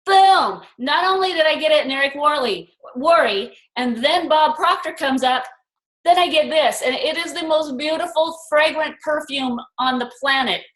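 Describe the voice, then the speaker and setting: An older woman speaks on a video call, her voice sitting a little high. She tells her story with animation and acts out the voices in her head. The room around her gives back a clear echo. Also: normal speed, fairly bright tone. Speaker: group leader.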